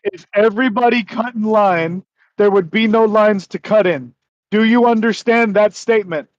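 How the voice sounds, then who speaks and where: High-voiced emphatic guy, swears a lot. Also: normal speed, no room sound, lo-fi sound. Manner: emphatic, argumentative, swears, calls others bro. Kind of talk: casual chat.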